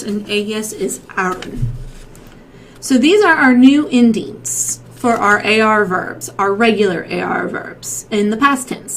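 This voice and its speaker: Slow, patient woman teaching Spanish. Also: mid-range voice, rough recording. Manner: slow, patient, repeats and checks with "okay?". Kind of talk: classroom lesson. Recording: faint background noise.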